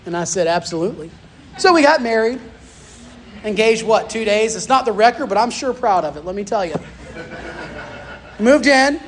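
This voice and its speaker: A man preaching a sermon, telling personal stories in a folksy, animated way. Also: sits high, a little fast, a little hiss or hum. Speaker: pastor.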